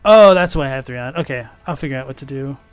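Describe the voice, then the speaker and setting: A gaming streamer talks fast in a medium-pitched, expressive, clear voice with a resonant tone. Thinking aloud as he plays, he chats casually about the game's lore. The recording is dry, with faint music in the background.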